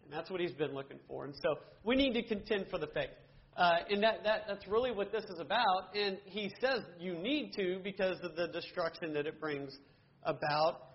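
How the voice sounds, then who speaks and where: A man's voice: sits high, normal speed, highs cut off. A man teaching a Bible study class, earnestly asking questions and answering them himself, with frequent restarts.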